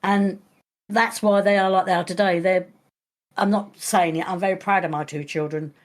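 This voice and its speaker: A woman's voice: medium pitch, fairly even intonation, moderate pace. An older woman, a grandmother telling rambling stories in casual chat, often restarting her sentences. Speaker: podcast guest, grandmother. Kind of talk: casual storytelling.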